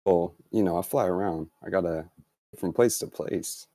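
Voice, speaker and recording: A man's voice: deep voice, normal speed, mellow, dry recording. A man joking in a laid-back way during a casual live chat.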